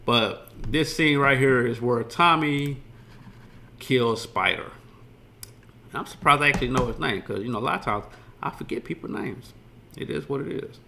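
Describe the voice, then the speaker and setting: A man's voice: mid-range voice, animated, normal speed, gravelly, pauses often, pushed and bright, slight background noise. A man streaming a casual reaction commentary, rambling loosely and swearing freely as he retells scenes.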